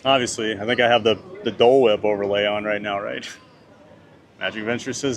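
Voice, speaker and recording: A man's voice: lowish voice, brisk, slight background noise. Chatty man live-streaming outdoors. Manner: chatty, reads viewer comments aloud and answers them. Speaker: theme park vlogger reading live chat. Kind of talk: casual live-stream chat. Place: outdoors at a theme park.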